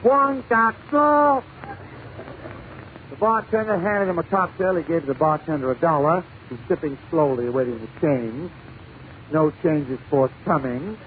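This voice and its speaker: Man, 1940s radio comedy monologue, punchy storytelling, tinny lo-fi broadcast sound, faint hiss. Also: on the high side. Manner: punchy, brisk storytelling with dialect voices.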